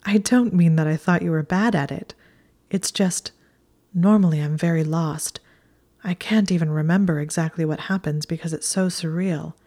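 A woman's voice: fairly low pitch, moderate pace, warm tone, lightly acted. A woman voicing a clever, flustered young witch, speaking anxiously and earnestly in whispered role-play.

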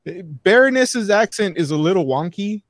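A man's voice: high-pitched, expressive, normal speed, no echo. A man co-hosting a casual podcast, reviewing a film in a rambling way with many fillers and restarts.

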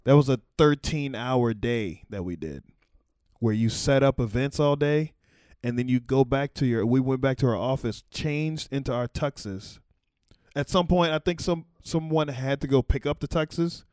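A man spinning a long story in an offhand, rambling way, swearing freely and laughing at himself. His voice sits at an ordinary pitch and sounds dry and close, with almost no room echo. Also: normal speed, darkish tone, clear, resonant tone. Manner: loose, rambling, profane, laughing asides. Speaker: former White House camera operator. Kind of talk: casual storytelling.

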